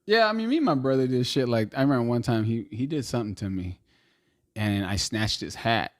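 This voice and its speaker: Animated, profane young man telling stories. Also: mid-range voice, fairly quick. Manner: profane storytelling, animated, laughs often. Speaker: podcast co-host. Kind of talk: casual chat.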